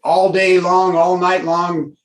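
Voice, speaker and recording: High-voiced man in his sixties, roomy sound. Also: slow. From Pasadena, California. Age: 60s. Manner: rambling, animated, lots of fillers. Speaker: guest. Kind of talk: casual storytelling.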